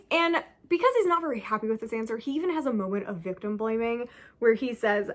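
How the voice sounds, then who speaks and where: A woman's voice: fairly high pitch, fast, fairly bright tone. A woman chatting casually as she reviews a book, sarcastic and incredulous, often breaking into laughter. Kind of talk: casual chat.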